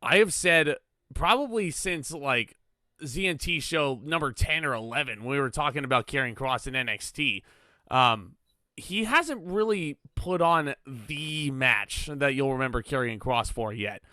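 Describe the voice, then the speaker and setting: A man's voice: medium pitch, animated, measured pace, bright, forceful tone, no echo, studio quality. A man hosting a casual wrestling review podcast, talking enthusiastically with frequent ums and fillers. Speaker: podcast host.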